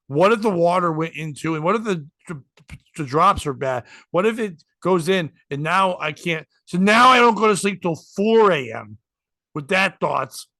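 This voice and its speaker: On a dry recording, a man with a slightly high voice co-hosts a podcast, casually spinning a story. He acts out both sides of the exchanges with animation and makes jokes at his own expense.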